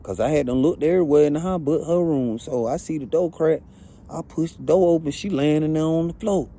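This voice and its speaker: A man's voice: fairly high pitch, a little fast, mellow. A man telling a first-hand story in blunt, profane, casual talk, often asking "you know what I'm saying". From Atlanta.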